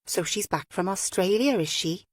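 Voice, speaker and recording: A woman's voice: mid-range voice, expressive, moderate pace, natural voice. A woman voicing a middle-aged male chief inspector who speaks tersely and matter-of-factly. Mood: curt.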